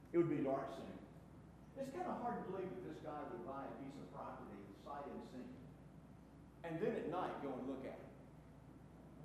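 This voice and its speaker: A man preaching a sermon as pastor, emphatic, swinging from soft asides to loud stressed phrases. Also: a little high. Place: church sanctuary. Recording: echoey hall with faint room noise.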